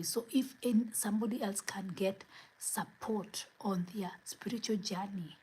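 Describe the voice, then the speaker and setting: A woman giving an earnest spiritual motivational talk as host, asking repeated rhetorical questions, her words often trailing into soft breathy whispers. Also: mid-range voice, unhurried, poor audio.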